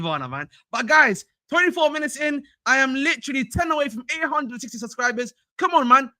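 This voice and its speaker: Young man, excitable livestream host, high voice. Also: brisk, hardly any pauses, no echo, studio quality. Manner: slangy, excitable, chatty with chat. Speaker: fan channel livestreamer. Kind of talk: casual livestream chat.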